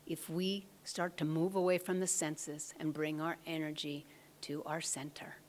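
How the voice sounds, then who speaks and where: A woman giving a devotional satsang talk, speaking softly and slowly, often close to a whisper. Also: sits low, slight background noise. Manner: soft, slow, often half-whispered.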